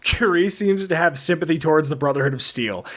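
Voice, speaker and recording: Male podcast host, slightly high voice, reads notes loosely, trips over words. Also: brisk, fairly bright tone. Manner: reads notes aloud, tripping and correcting words. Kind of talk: casual podcast lore reading.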